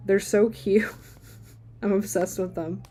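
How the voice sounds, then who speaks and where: Mellow, rambling woman chatting while drawing. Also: mid-range voice, fairly even intonation, slow pace, faint music behind. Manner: rambling and playful, laughs often. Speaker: livestream artist. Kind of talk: casual chat while drawing.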